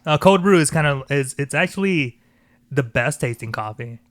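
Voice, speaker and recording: A man co-hosting a podcast in casual chat, relaxed and rambling with many fillers. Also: fairly high pitch, normal speed, no echo. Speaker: podcast co-host.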